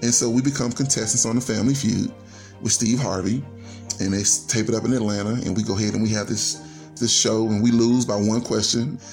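Low, gravelly-voiced man sharing a heartfelt personal story for a radio program. He talks earnestly and strings thoughts together with "and so", with soft music faintly under him. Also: steady tone, fairly quick. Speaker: storyteller guest.

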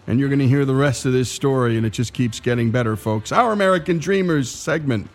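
A man's voice: medium pitch, fairly quick, faint music behind. A man hosting a radio story show, speaking enthusiastically and addressing listeners directly. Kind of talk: radio host commentary.

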